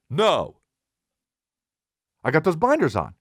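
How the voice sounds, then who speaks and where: A man spins a comic story on his podcast as a swearing, self-interrupting rant. His pitch swings wide and lively from low grumbles to high squeals. The room is dry, with the voice close and plain. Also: fairly quick, no echo. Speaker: podcast host. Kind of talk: comedic storytelling monologue.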